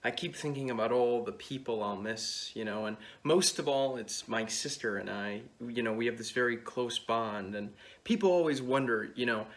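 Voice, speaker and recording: A young man in his late teens telling a long deadpan comedic story at a talent show. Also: mid-range voice. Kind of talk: stand-up storytelling.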